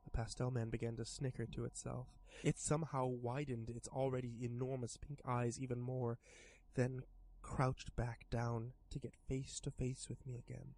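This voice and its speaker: Guy streamer reading a creepy story out loud, steady, trips over words a bit. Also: mid-range voice, moderate pace, a little hiss or hum. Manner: steady first-person narration with small stumbles. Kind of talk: horror story narration while modding a game.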